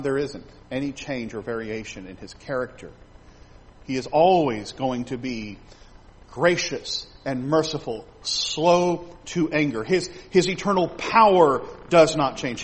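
A middle-aged man preaching a sermon, emphatic, swelling louder on key phrases and repeating words. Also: a little high, a little hiss or hum, rough recording.

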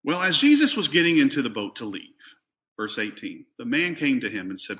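A man's voice: medium pitch, very animated, a little fast, fairly bright tone. A man preaching a sermon, reading scripture aloud and putting questions to the congregation, often repeating a word as he restarts.

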